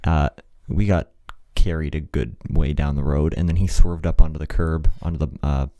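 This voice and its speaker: A young man with a very deep, mellow voice co-hosts a casual podcast. He tells his story in a relaxed, wry way, and the sound is close and dry with no room around it. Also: moderate pace, dry recording. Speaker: podcast co-host.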